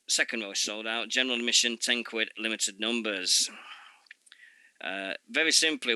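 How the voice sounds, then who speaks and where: Very bright-voiced man hosting radio. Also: lowish voice, clear, resonant tone, dry recording. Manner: halting, many fillers and trailing asides. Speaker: radio show host. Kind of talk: casual radio chat reading event listings.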